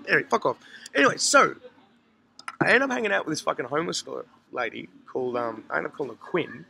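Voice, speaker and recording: Man, high gravelly voice, bright tone, casual sweary storytelling. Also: quick pace, slight background noise, poor audio. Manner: animated, sweary, acts out quotes. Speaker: podcast host telling a story. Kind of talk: casual storytelling among friends. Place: hostel common area, indoors.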